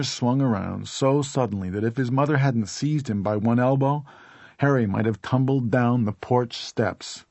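The audiobook is narrated by a man with a mid-range voice at normal speed, told in an even, steady manner. The recording is dry.

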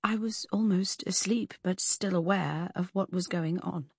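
A woman reading an audiobook, voicing a shaken young Victorian woman who answers in halting, half-whispered replies. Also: fairly low pitch, husky, no echo, clean studio sound. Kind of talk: audiobook character voice.

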